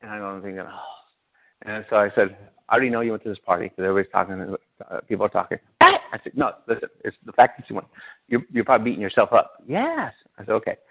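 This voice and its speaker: This pastor's voice is fairly low and steady, with vocal fry, and he speaks fast. He preaches conversationally to his congregation, posing questions to them, over tinny audio that resembles a phone call.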